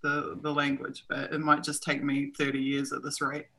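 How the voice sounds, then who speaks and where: The New Zealand-accented host chats casually on her home livestream, frequently laughing and making fun of herself. She speaks at normal speed in a rumbling low, monotone voice that is creaky yet fairly bright, over a rough recording.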